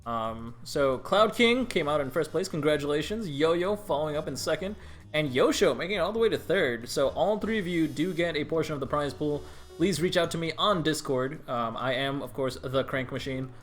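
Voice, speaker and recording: A man co-commentating and running a fighting game tournament stream, easygoing and measured. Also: a little high, expressive, soft background music. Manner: easygoing, measured, adds analysis. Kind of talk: casual esports commentary.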